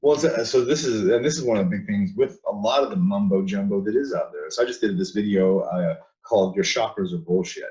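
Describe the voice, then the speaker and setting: Low-ish guy giving a casual interview, keeps repeating himself, laughs here and there. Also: brisk, hardly any pauses, dark tone, low-quality recording. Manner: emphatic, restarts often, repeats words. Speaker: guest.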